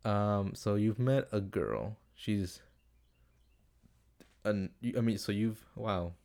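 A young man talks into his home setup in a low, gravelly voice, reading out listener questions for his casual advice podcast. He rambles, curses freely and keeps losing his thread. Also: slow, a little mellow. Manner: rambling, swears, gets off topic. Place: home room with window, street noise outside. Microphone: desktop computer setup.

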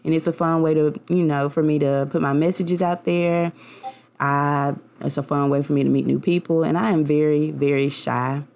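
A woman's voice: low voice, fairly even intonation, moderate pace, vocal fry, darkish tone. A young woman hosting her own podcast, talking in a casual, rambling and heartfelt way with many fillers. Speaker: podcast host. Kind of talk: casual personal podcast monologue.

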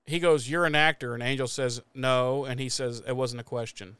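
A man's voice: mid-range voice, steady tone, moderate pace, fairly bright tone, clear, resonant tone, no echo. A man co-hosting a podcast, chiming in playfully with jokes and corrections. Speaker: podcast co-host. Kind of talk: casual chat.

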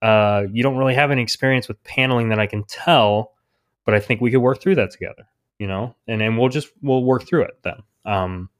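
A man, a guest on a podcast, telling a story in a rambling, animated way and quoting other people's words. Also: medium pitch, a little fast. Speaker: indie comic creator, guest. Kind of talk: casual storytelling interview.

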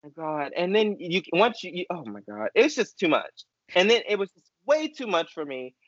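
A young man in casual chat, an expressive, gushing storyteller co-hosting a podcast. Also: high voice, normal speed, dry recording. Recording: dull dry lo-fi sound.

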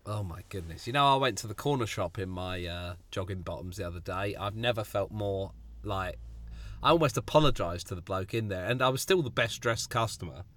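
Bright-voiced teasing man. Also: lowish voice. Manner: teasing, quick questions, breaks into laughter. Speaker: podcast co-host. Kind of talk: casual podcast banter.

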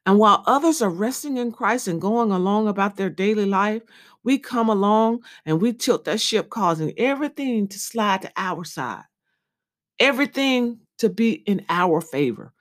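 A woman's voice: mid-range voice, expressive, moderate pace. Earnest woman giving a devotional message. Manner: earnest, repetitive preaching cadence. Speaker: podcast devotional speaker.

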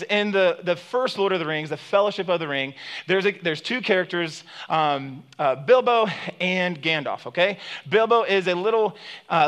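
A man's voice: high-pitched, a bit bright. A man preaching a sermon as pastor, conversational and joking with many fillers, retelling stories with emphatic rises.

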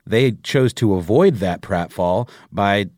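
Rambling lively low-voiced man. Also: takes it slowly, no echo, clean studio sound. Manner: rambling, hesitant, filler-heavy. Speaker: podcast co-host. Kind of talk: casual chat.

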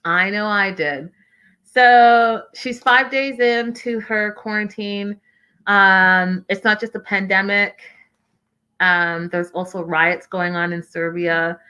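Female host, bright tense tone, gossipy and chatty, addressing listeners. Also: medium pitch, fairly even intonation, takes it slowly, smooth, lo-fi sound. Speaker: podcast host recapping a reality show. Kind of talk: casual chat.

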